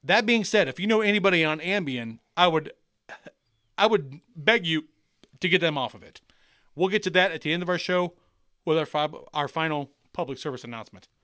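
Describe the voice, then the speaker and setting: A man co-hosting a casual podcast, talking crudely and excitably in loose, rambling banter. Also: on the high side, a little fast, dry recording, clean studio sound. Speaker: podcast co-host.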